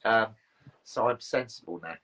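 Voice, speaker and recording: A man's voice: lowish voice, moderate pace, bright, forceful tone, poor audio. A middle-aged man, a band frontman, telling rambling self-mocking stories and swearing freely in casual livestream chat. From England.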